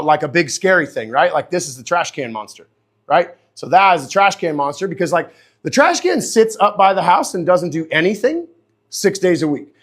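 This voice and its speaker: This high-voiced dog trainer streams his lessons live, chatting animatedly with frequent "okay?" and "right?" check-ins. He responds to viewer comments, addressing each person by name.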